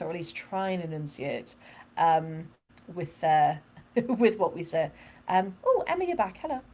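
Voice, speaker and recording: Woman co-host, slightly low pitch, easygoing and chatty, quick to laugh. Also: a little mellow, slight background noise. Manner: chatty, laughs often, many fillers. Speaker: podcast co-host. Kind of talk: casual football podcast chat.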